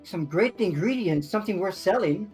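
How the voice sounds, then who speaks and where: A woman's voice: mid-range voice, lively intonation, normal speed, a little mellow, faint music behind, lightly acted. Woman playing Lucius, calculating male schemer. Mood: scheming. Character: greedy scheming male adventurer, eager to sell parts. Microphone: video call.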